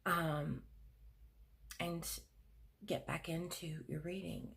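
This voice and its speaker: A middle-aged woman giving a pick-a-card tarot reading at her desk at home, speaking gently and emotionally, with soothing pauses. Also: sits low, fairly even intonation, gravelly.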